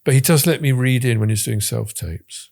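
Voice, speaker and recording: A man's voice: mid-range voice, moderate pace, gravelly. A man in his sixties, a guest on a chat show, telling self-deprecating stories. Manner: self-deprecating, animated storytelling. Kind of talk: casual chat.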